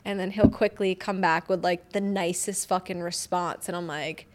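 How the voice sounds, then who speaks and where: Young woman host, frank and loose-tongued, quick to laugh. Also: lowish voice, fairly even intonation. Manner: candid, swears freely, laughs often. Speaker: podcast host. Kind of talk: casual chat.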